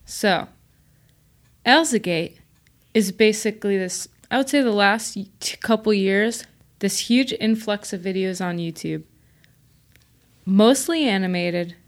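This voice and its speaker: Brief: woman podcast host, casual chat, quick and laughing. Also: mid-range voice. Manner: chatty, laughing, quick explaining.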